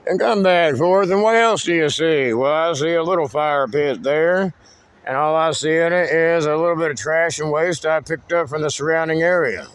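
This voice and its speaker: Man, slightly high voice, rambling, cryptic, profane, walking tour outdoors in the woods. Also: moderate pace, clean tone. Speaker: vlogger giving a tour of his land.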